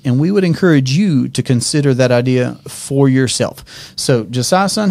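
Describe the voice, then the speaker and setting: A man's voice: medium pitch, vocal fry, darkish tone, no room sound. A middle-aged man hosting a talk in an office, explaining ideas step by step and checking in with questions as he goes. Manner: teaching with frequent check-in questions. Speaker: host and financial educator.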